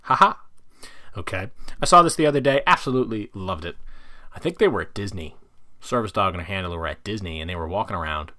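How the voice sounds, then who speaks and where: A man hosting a casual solo podcast, talking in an animated way and jumping into side tangents. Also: lowish voice. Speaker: podcast host.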